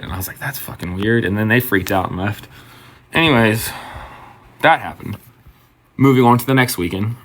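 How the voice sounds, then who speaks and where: A man's voice: medium pitch, normal speed, pauses often, a bit bright, slight background noise. Casual bartender man telling a story. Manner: conversational, swearing, acts out quotes.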